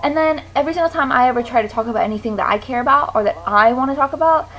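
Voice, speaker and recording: A woman's voice: high-pitched, rapid-fire, lo-fi sound. A teenage girl venting to camera in a frustrated, swearing rant. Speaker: vlogger. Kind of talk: ranting to camera.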